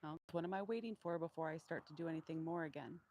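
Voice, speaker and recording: Calm, low-voiced woman training donkeys. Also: rough recording. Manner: calm, low-key, deliberately monotone. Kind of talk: live training demonstration. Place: outdoor pen with donkeys.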